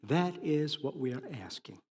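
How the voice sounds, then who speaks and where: A man preaching a sermon, emphatic, swinging between loud declarations and hushed words. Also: a little high, expressive, normal speed, breathy edge. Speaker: pastor. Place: church sanctuary. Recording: long hall reverb.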